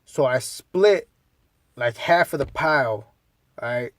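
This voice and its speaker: A man's voice: mid-range voice, slow pace, no room sound. A young man co-hosting a podcast, rambling through a story in casual, profane talk. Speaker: podcast co-host.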